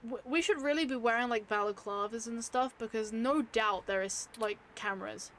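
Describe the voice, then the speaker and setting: A woman's voice: on the high side, moderate pace, a bit bright, a little hiss or hum. A woman streaming a video game, chatting casually, giggling and swearing as she plays. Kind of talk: casual let's-play commentary.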